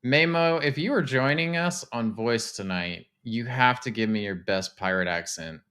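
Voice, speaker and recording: A man, casually chatting to his live-stream viewers while touring game houses, excitable and talkative. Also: medium pitch, moderate pace, clean tone. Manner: chatty, excitable, talks to chat.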